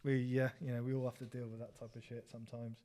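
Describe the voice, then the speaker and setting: A man's voice: medium pitch, little pitch movement, fast talker, dark tone. Swearing, laughing English tradesman telling stories. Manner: laughing, swearing, rambling anecdotes. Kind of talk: casual storytelling banter.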